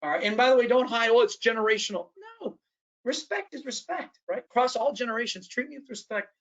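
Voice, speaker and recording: A man's voice: extremely high pitch, lively intonation, a little fast, a bit bright, lo-fi sound. A man presenting a training workshop in a lecture style. He talks animatedly, often restarts his sentences and acts out the voices of the people he quotes.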